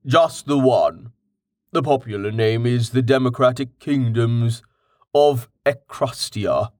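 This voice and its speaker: Male narrator as patient, well-read companion, matter-of-fact, mid-pitched. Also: slow pace, darkish tone, no echo, clean studio sound, close to an everyday voice. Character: patient man, well-read, calmly explaining.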